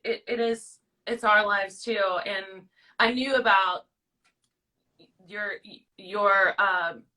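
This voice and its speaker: A woman's voice: medium pitch, fairly even intonation, takes it slowly, bright, forceful tone, far from the mic, low-quality recording. A woman hosting a casual livestream chat, encouraging and emotional as she talks. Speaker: host.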